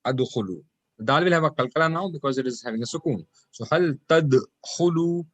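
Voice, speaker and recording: A man's voice: mid-range voice, rapid-fire, a bit bright, no room sound, dull audio. A man teaching an online class, explaining grammar patiently and repeating practice phrases aloud over a video call. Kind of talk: online Quranic Arabic class.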